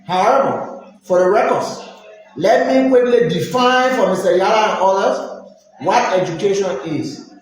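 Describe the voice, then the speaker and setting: A middle-aged man with a Liberian accent delivers a formal, admonishing press statement in a rather high voice. His words ring out in a very echoey room. Faint noise runs under the sound. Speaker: university vice president.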